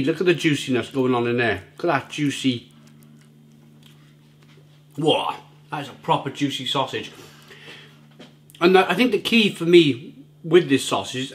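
A man hosting a casual food review vlog at home, talking in a chatty, rambling way and often repeating his words. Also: fairly high pitch. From Britain. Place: at home, near the grill.

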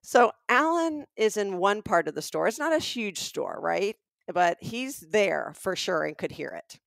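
A middle-aged woman from Alabama with a Southern accent, co-hosting a podcast and telling an animated story. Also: medium pitch, measured pace, vocal fry, no echo, studio quality. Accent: Southern American. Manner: animated storyteller acting out quotes. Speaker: podcast co-host. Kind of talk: casual storytelling chat.

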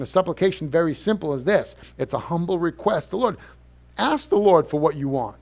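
A middle-aged man preaches a sermon while sick. His voice sits a little high for a man. He talks casually, then rises into loud, emphatic passages. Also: expressive, brisk. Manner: conversational preaching, swings from quiet to loud and emphatic. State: sick with a cold. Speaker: pastor.

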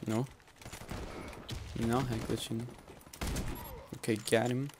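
A young man gives live commentary over his own gameplay, talking slowly and rambling between plays. He laughs and yells at the game at times. Faint noise sits behind his voice. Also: mid-range voice, flat delivery. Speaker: gaming channel host.

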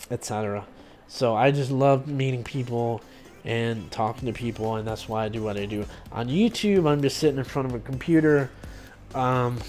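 A man streaming and making game videos, talking in a rambling, loose way with many fillers and restarts. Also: medium pitch. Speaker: gaming YouTuber and streamer. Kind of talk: casual vlog talk to camera.

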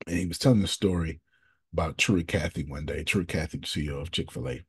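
A middle-aged man telling a story in a casual talk, quick to restart his sentences. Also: very deep voice, a bit bright, slightly rough.

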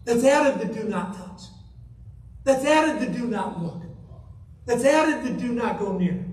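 A man's voice: very high voice, darkish tone, slight background noise. A man preaching a sermon as guest minister, emphatic and full of rhetorical questions put to the congregation. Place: church sanctuary. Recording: echoey church hall from far off.

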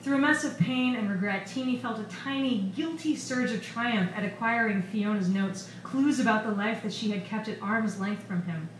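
An author reads from her novel live in a fairly high-pitched voice, at a moderate pace with hardly any pauses, telling the story expressively. The bar is echoey and recorded from a distance, leaving faint ambience and slight background noise.

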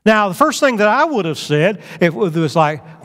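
A male pastor preaching a sermon, swinging between loud emphatic bursts and low, quiet stretches. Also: expressive, normal speed. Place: church sanctuary. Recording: long church hall reverb.

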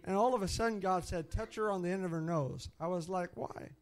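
A middle-aged man preaches in a high, slightly fast voice, telling stories as part of his sermon. He's animated, calls out hallelujah often, and laughs at his own stories.

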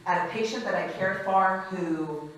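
A woman's voice: lowish voice, normal speed. Frank woman in an echoey hall. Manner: lively, frank, laughs often, acts out quotes. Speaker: conference speaker, former hospice chaplain. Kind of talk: storytelling conference talk. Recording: echoey hall, mic at a distance.

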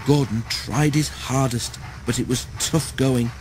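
A man narrating a children's storybook in a steady, measured way. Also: medium pitch, a little hiss or hum, low-quality recording. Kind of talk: storybook read-aloud.

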